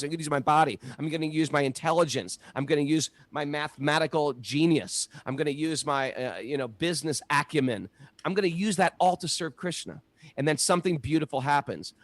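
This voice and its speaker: A middle-aged man talking casually about spiritual practice, an animated storyteller who acts out the voices in his stories. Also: fairly high pitch, no echo. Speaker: podcast co-host.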